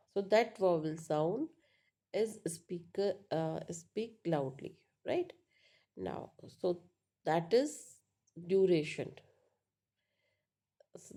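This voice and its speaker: A woman teaching a lesson on word stress, pausing often with fillers and asking "right?" to check understanding. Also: medium pitch, mellow. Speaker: English teacher. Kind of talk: spoken lecture on pronunciation.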